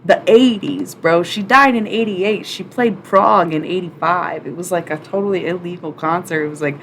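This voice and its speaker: A woman's voice: fairly low pitch, normal speed, slight background noise. Chatty, swearing young woman streamer. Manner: chatty, profane, full of "like" fillers; loud bursts of excitement. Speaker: live streamer reading oracle cards. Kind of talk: casual live-stream chat with viewers.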